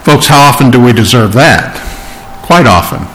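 A man's voice: medium pitch, lively intonation, normal speed, fairly bright tone, slight background noise, poor audio. A man pastor preaching a sermon, emphatic and repeating words for stress.

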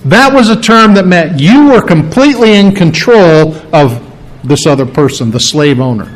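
A man's voice: on the high side, lively intonation, moderate pace, low-quality recording. A man preaching a sermon, teaching from Scripture with emphatic repetition and acted-out quotes. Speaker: pastor.

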